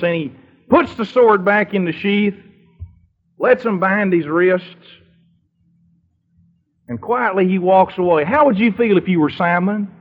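A male preacher who retells a story with drama and keeps asking his listeners questions. His voice sits high and leaps animatedly up and down. It sounds slightly husky, heard on a dull, lo-fi recording. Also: expressive, measured pace, pauses often. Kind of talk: storytelling sermon.

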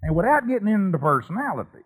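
Folksy, animated male storyteller. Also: high-pitched, fast talker, breathy edge, rough recording. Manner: folksy, animated, with colloquial asides.

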